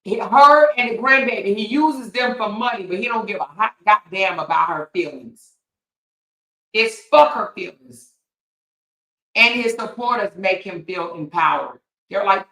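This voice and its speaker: A woman's voice: medium pitch, measured pace, sharp tone. Blunt, profane woman ranting in a roomy space. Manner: blunt, profane, repeats points for emphasis. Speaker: commentary host. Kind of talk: heated commentary rant.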